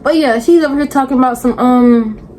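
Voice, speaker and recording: Here the reality-show vlogger's voice is high and mellow, moving fairly quickly through a chatty, sassy, exasperated recap. She rambles to camera as a faint hiss or hum runs underneath.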